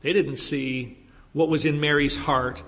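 A man's voice: a little high, steady tone, unhurried, fairly bright tone, in a large hall. A man preaching a sermon, emphatic and questioning, building on rhetorical questions. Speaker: pastor.

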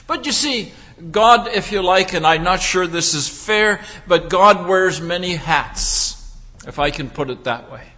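A man preaching a sermon, building his points through deliberate rhetorical questions. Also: high-pitched, sharp tone, in a large hall.

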